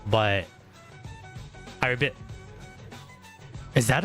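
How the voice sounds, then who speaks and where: A male streamer with a bright, sharp voice chats loosely while he plays, piling up fillers and restarts and swearing freely. Every so often he breaks into loud, excited outbursts. Faint music plays underneath. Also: lowish voice, normal speed, long pauses. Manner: bursts into loud excited exclamations. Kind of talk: casual livestream chat while gaming.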